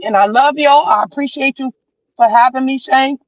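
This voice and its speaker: A woman's voice: high-pitched, normal speed, no echo. Blunt woman calling into a stream. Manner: blunt, emphatic slangy talk. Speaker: guest on a livestream. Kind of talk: heated call-in commentary. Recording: slightly dull dry stream audio.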